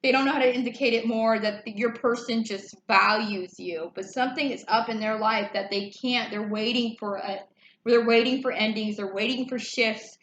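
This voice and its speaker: A woman's voice: a little high, fairly even intonation, moderate pace, fairly bright tone, dull audio. Casual woman tarot reader, loose and profane; roomy echo, faint noise behind. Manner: chatty and loose, swears and laughs easily. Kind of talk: casual tarot reading vlog. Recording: echoey room, faint background noise.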